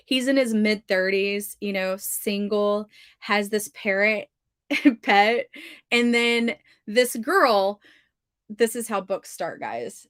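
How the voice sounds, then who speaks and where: A woman's voice: medium pitch, a bit bright, dry recording. Chatty Southern woman, dry close sound. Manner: chatty, gushing, heavy use of "like". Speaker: livestream host of writing sprints. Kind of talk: casual livestream chat, reading comments aloud. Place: her home office.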